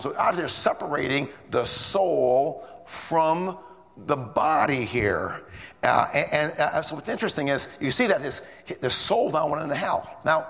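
A man's voice: a little high, gravelly, a bit bright, big-room sound. A man preaching a sermon in a casual storytelling way, repeating phrases as he goes.

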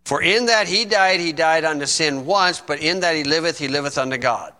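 A middle-aged man preaching a sermon, reading scripture slowly and adding folksy asides. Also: a little high, bright, forceful tone. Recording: long reverb in a hall.

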